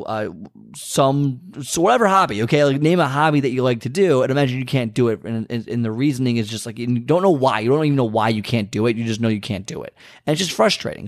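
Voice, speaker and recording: Guy on his podcast venting, mid-pitched voice, dead dry mic, keeps restarting sentences. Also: no echo. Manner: frank, animated, venting frustration with restarts. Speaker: podcast host. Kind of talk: casual monologue.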